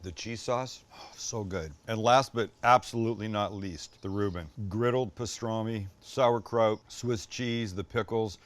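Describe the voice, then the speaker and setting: A man's voice: fairly low pitch, measured pace, no echo. Enthusiastic man hosting a cooking show. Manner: enthusiastic, jokey, talks to the viewer. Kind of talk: casual cooking demonstration.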